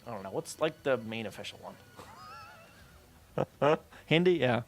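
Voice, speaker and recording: A man streaming, telling a story in casual chat with an animated, profane manner, acting out the voices of the people he talks about. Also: mid-range voice, a little slow, faint music behind.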